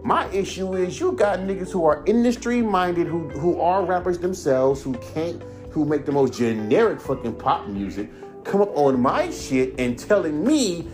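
A man's voice: fairly high pitch, sing-song, moderate pace, darkish tone, faint music behind. A man in his thirties rants in a heated, profane, rambling way on a casual podcast. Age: 30s. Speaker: podcast host, rapper. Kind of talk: casual ranting monologue.

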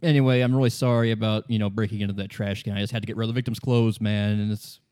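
A man's voice: on the low side, steady tone, racing, a little mellow, dry recording, clean studio sound, lightly acted. A man voicing a nervous, evasive man who rambles and stammers in a tabletop role-play. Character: nervous, shifty adult man hiding guilt.

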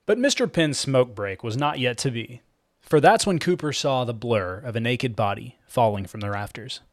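A man reading a comic novel aloud as narrator. His delivery is expressive, with a lively, animated pitch. The sound is dry and close, with no room echo. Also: normal speed. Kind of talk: audiobook fiction narration.

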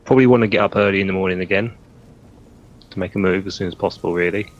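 A man playing a tabletop game, calmly planning out loud in casual chat. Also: low-pitched, very fast. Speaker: player. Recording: dull lo-fi sound.

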